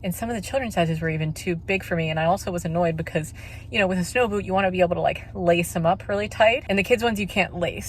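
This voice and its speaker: Speaking on the low side, a young woman vlogger talks casually to camera while out of breath after an uphill walk, her chatty speech full of "like" and "you know." The audio is poor, with a little hiss or hum.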